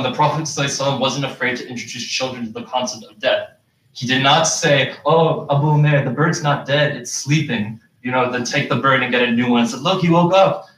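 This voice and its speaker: A man's voice: mid-range voice, a bit bright. A young man giving a Friday sermon, earnest and explaining step by step with rhetorical questions. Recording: echoey hall, distant mic.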